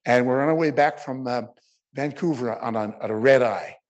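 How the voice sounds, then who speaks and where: An older man giving emotional closing remarks at a symposium, halting with many restarts and at times choked up. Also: medium pitch, lo-fi sound. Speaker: symposium speaker.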